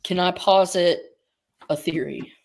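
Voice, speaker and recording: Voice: mid-range voice, measured pace, gravelly. Chuckling, musing chat guest. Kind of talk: casual group chat.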